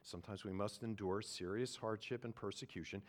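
A man preaching a sermon, earnest, moving from quiet reflection to loud, emphatic points. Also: fairly low pitch, steady tone, fairly quick. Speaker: pastor.

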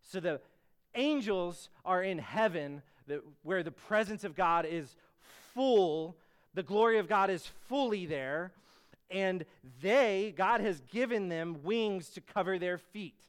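A man delivering a sermon in a smooth, resonant voice pitched a little high. He teaches earnestly and conversationally, with fillers and restarts, then lifts into emphatic bursts on key words. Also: slow. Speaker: preacher.

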